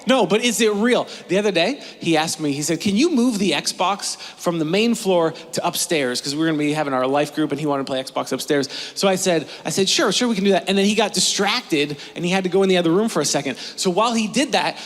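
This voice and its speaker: Chatty high-voiced pastor. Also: male voice, expressive, quick pace, few pauses. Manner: chatty, storytelling with playful voices. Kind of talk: casual sermon. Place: church. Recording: long reverb of a church hall.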